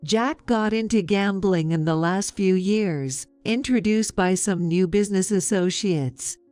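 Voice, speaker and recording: A woman in her fifties narrating a story in a calm, measured, sarcastic way. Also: mid-range voice, clean tone, no echo, soft background music.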